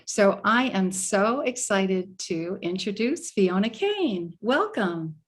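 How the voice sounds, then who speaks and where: A woman's voice: medium pitch, very animated, slow. A woman from the USA hosting an online wellness summit, introducing her guest with eager enthusiasm over a video call. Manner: enthusiastic, gushing. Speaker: summit host, life coach.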